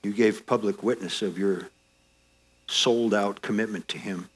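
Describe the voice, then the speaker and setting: A man's voice: on the low side, steady tone, unhurried, breathy edge. A man preaching a sermon, speaking straight to his listeners with repeated rhetorical questions. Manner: earnest, direct address with rhetorical questions.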